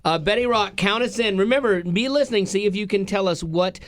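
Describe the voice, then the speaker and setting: A man's voice: high voice, a little fast, no echo. A man hosting a radio show, leading a playful game with joking, self-deprecating chatter. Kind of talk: playful morning radio chat. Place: radio studio. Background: ukulele playing.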